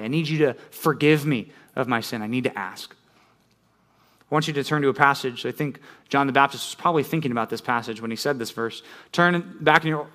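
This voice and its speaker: Male pastor, higher-set voice, casual sermon delivery, engages listeners with questions. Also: a bit bright. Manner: conversational, frequent "right?" questions to listeners; storytelling with rising intensity.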